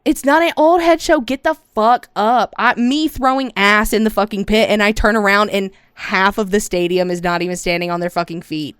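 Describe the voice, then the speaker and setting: A young woman, streaming a casual reaction, loud and profane with frequent exclamations. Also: mid-range voice, normal speed, few pauses, smooth, no echo, studio quality.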